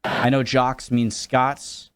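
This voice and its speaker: An American man reacting to clips for his channel, thinking out loud in a plain mid-range voice. He is hesitant and self-deprecating and often stops to restart his sentences. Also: mid-range voice, flat delivery, takes it slowly, clean tone. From New England, United States. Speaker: YouTube reactor. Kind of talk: casual reaction commentary.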